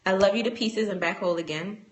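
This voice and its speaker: On a phone livestream, a woman who works as a speaker and trainer chats casually with her viewers. She's playful and teasing, laughs a lot, and drops "y'all" and "ain't." Her voice is medium in pitch and quick.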